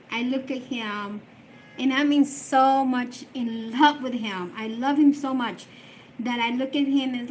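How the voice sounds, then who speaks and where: A woman's voice: a little high, a little hiss or hum. A middle-aged woman chatting casually on a live stream, emotional and rambling as she answers viewer comments.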